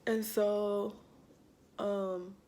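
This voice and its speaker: A young woman vlogger casually telling a personal story, slangy and animated, acting out what people said with lots of "like.". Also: mid-range voice, very slow. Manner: slangy, animated quoting, many "like"s.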